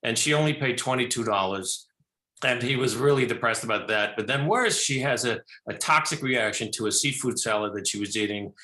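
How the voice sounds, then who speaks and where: Older male director guest, animated anecdote teller, bright voice, roomy studio sound. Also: mid-range voice, a little fast. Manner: animated storyteller, many restarts and fillers. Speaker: film director and actor, guest. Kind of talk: talk show interview.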